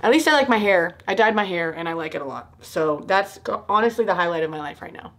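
A woman in her early twenties talking casually to the camera in a confessional vlog, rambling and frustrated, thinking out loud with many fillers. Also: on the low side, lively intonation, fast talker. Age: 20s. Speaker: vlogger. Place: indoors at home, doing makeup.

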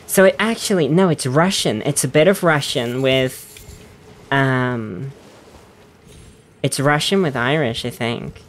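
A woman's voice: very deep voice, slow, pauses often, slight background noise. A woman hosting a casual gameplay video, rambling and self-deprecating, with frequent giggles. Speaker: gaming video host.

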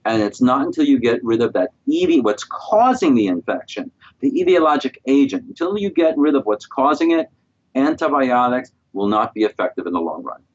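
A middle-aged man answering interview questions as a guest specialist, calm and explanatory. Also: medium pitch, a little fast, highs cut off. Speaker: guest periodontist.

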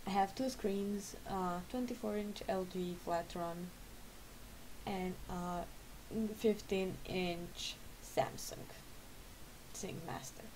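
Her medium-pitched, slightly mellow voice stays steady and slow on a low-quality recording with slight background noise. She is a late-twenties vlogger and gamer, freshly awake and drowsy, chatting casually at home in a meandering, self-correcting way.

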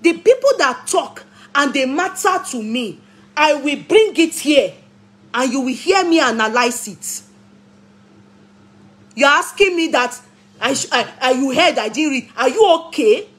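High-voiced Nigerian woman vlogging. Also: lively intonation, a little slow, fairly bright tone. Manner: argumentative, fires rhetorical questions, scolds commenters. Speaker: vlogger and commentator. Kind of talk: opinionated commentary vlog.

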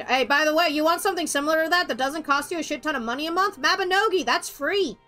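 A young woman with a high, bright voice chats while gaming. She sounds excitable and blunt and swears freely. Faint game music plays behind her. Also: fast, few pauses. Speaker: gamer host. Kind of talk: casual chat while playing a video game.

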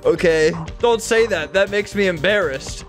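A man doing joking game commentary, often laughing and breaking into sudden loud outbursts. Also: high voice, moderate pace. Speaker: gamer. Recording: background music.

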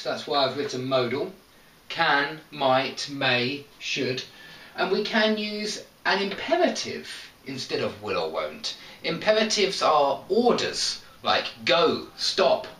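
A man teaching an English grammar lesson, explaining slowly and stressing each example sentence. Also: fairly high pitch, a bit bright. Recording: echoey room, mic at a distance.

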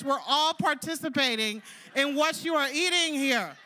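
High, bright-voiced woman preaching chattily. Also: normal speed. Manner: chatty, storytelling, lots of "like" and "you know". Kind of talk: sermon.

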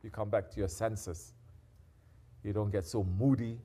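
With a lowish, steady voice, a sheikh preaches at a measured pace, leaving long pauses. He alternates between soft, intimate contemplation and loud, chiding exhortation, dropping in Arabic devotional phrases along the way.

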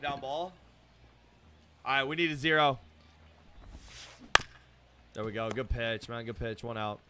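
A young man giving live gameplay commentary, excitable and self-deprecating, breaking into shouts when plays go wrong. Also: mid-range voice, measured pace, very noisy. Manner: self-deprecating, hard on himself. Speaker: gaming YouTuber.

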